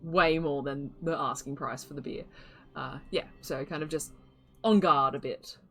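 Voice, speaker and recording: Low-voiced woman running a tabletop game. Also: moderate pace, faint music behind. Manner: loose, rambling description with many fillers. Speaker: game master.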